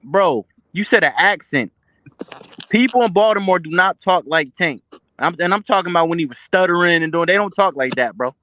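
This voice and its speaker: Man, high bright voice, dry sound; blunt challenger in barbershop debate. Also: animated, fairly quick, no echo. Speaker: barbershop panelist. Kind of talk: casual debate.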